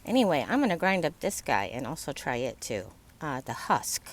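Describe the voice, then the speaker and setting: A woman casually talking to her viewers in a relaxed vlog. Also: deep voice, a little fast.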